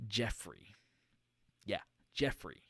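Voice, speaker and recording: A male streamer commenting live on a game, rambling and joking as he goes. His pitch jumps around in a lively way. The sound is dry and close to the mic. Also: slow pace, breathy edge, no echo.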